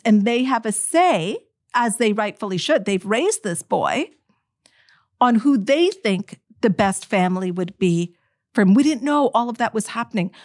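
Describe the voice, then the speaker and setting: Woman talking to a crowd about her family, animated and heartfelt, dry sound. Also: a little high, no echo. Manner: animated, emotional, direct address. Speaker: speaker telling her adoption story. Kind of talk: storytelling talk to an audience.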